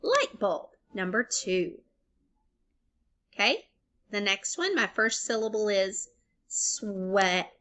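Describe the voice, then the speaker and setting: A young adult woman teaches a recorded phonics lesson to small children, clearly splitting words into sounds and syllables and cheering them on. Her medium-pitched voice is sing-song and a bit bright, moving slowly with frequent pauses.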